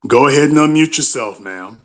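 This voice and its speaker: A man's voice: mid-range voice, expressive, brisk. Emphatic man hosting a political audio chat. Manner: emphatic, repetitive, conversational. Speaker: host of an online audio talk room. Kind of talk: casual political monologue.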